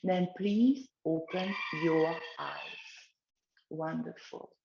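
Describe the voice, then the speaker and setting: Slow, gentle woman guiding a relaxation exercise. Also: mid-range voice, animated, reverberant, lo-fi sound, noisy background. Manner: slow, gentle guiding of breathing and neck movements. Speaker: wellness instructor. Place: outdoors in the countryside, chickens nearby.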